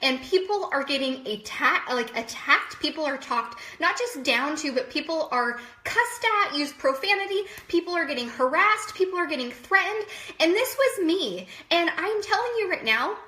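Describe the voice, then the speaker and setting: A woman's voice: sits high, animated, normal speed, sharp tone, reverberant. A woman in her thirties crying as she tells viewers, apologizing often and speaking straight to them. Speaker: vlogger. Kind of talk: emotional personal vlog.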